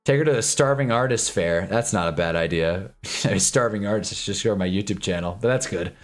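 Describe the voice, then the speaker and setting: A man's voice: fairly low pitch, brisk. A young man in his twenties from Southern California, chatting casually on a live stream, rambling and joking with frequent laughs.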